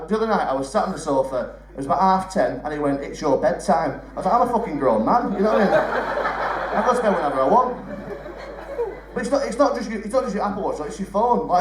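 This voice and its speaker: A man's voice: high-pitched, far from the mic. A young man doing live stand-up comedy on a theatre stage, chatty and teasing the crowd, swearing freely. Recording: roomy theatre sound from off-mic.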